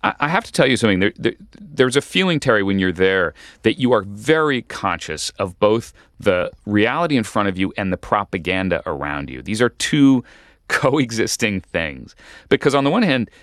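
A man, a journalist, explaining at length in a measured way as a guest in a radio interview. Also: on the low side, sing-song, a bit bright, no echo, clean studio sound. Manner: measured, explanatory, with occasional restarts.

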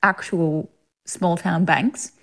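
Chatty Australian actress, laughing often. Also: female voice, fairly low pitch, steady tone, takes it slowly, vocal fry, fairly bright tone. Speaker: actor guest. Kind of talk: casual interview chat.

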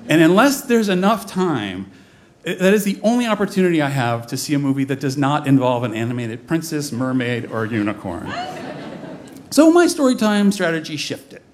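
A man in his forties telling a comic personal story on stage, with a lively, animated delivery. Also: a little high, moderate pace, a little hiss or hum. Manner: comic, animated, mimics voices in quotes. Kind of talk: live storytelling performance. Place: stage before an audience.

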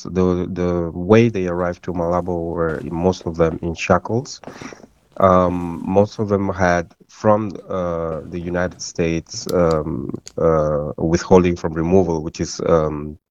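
A man's voice: deep voice, little pitch movement, slow, darkish tone. A man giving a remote interview as a legal advocate, speaking hesitantly with many ums and uhs, over a dull lo-fi line.

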